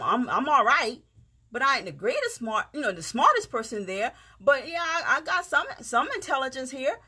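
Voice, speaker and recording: Gullah Geechee woman, lively encouraging talk. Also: fairly high pitch, husky. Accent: Gullah Geechee, South Carolina Lowcountry. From South Carolina, USA. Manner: heartfelt, folksy, talks straight to viewers with "y'all". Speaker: vlogger, motivational speaker. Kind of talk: casual encouraging monologue.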